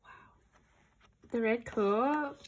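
This young woman, a vlogger, excitedly gushes over an album she's unboxing at home, talking to her pets and often whispering. Her voice is a little high and slightly rough, and she speaks extremely slowly.

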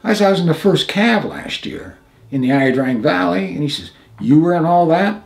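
A man's voice: on the high side, big pitch swings, normal speed, creaky. An older man, a veteran being interviewed, telling stories animatedly, acting out the lines of others and laughing often. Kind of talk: storytelling interview.

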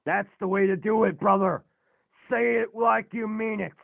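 A man's voice: high-pitched, fairly even intonation, moderate pace, creaky. A man voicing a scheming, boastful male robot villain in a fan robot drama, speaking in a gloating, menacing way. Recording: tinny lo-fi phone-like recording.

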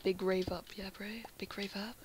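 A woman's voice: mid-range voice, completely flat delivery, moderate pace, a little mellow, slight background noise. An English woman giving casual commentary while playing Minecraft, chatty and often muttering half-whispered asides to herself. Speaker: Minecraft player.

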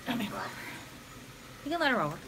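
A woman's voice: fairly high pitch, very animated, fairly quick. A woman chatting casually and playfully in the background of a home video. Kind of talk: casual chat. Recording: echoey room, loud noise.

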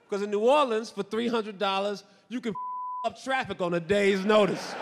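A man doing a stand-up comedy routine on a club stage, telling stories in a dry, deadpan way with sudden shouted punchlines. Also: high voice. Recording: noisy live comedy club.

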